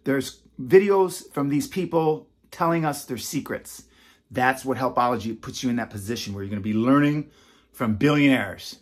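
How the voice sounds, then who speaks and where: Husky man in his fifties. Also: medium pitch, moderate pace. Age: 50s. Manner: animated, swinging between loud and hushed, teasing. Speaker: self-help author and host. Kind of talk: casual talk to camera.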